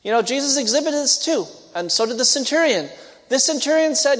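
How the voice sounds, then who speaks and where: Man, preacher, high voice, animated storyteller, reverberant hall. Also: fairly quick. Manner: storytelling, acts out quoted voices. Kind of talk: sermon.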